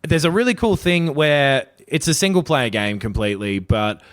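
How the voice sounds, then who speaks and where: A man's voice: on the high side, animated, moderate pace, fairly bright tone. A man co-hosting a gaming podcast in a casual, laid-back chat, swearing freely. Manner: laid-back, swears a lot, slips into mocking voices. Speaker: podcast co-host.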